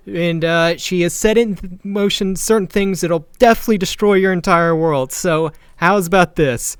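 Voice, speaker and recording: A man playing a tabletop role-playing game, slipping into loud, brash in-character speeches. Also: high-pitched, normal speed, few pauses, clear, resonant tone, no echo, clean studio sound. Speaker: tabletop player.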